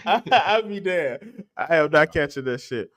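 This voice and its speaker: A man's voice: fairly high pitch, expressive, a little slow, fairly bright tone. A man hosting a podcast in casual chat, loose and joking, laughing often. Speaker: podcast host.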